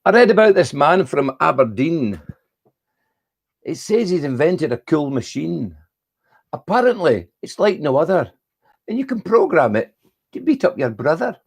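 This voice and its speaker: A man's voice: a little high, very animated, normal speed, vocal fry, pauses often, breathy edge, voice pushed up, heavily acted. A man putting on a cheeky Scottish rhymer. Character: chatty Scottish man reading about an invention.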